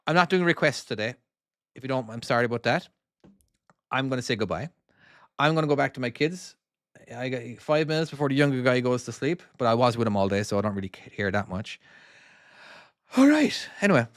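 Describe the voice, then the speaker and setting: A man's voice: medium pitch, a bit bright, smooth, dry recording, clean studio sound. A man in his forties with a Cork Irish accent, chatting casually on a livestream while he plays his own game and reads out comments, rambling and often repeating and restarting his words. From Ireland (Cork). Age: 40s. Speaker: indie game developer and streamer.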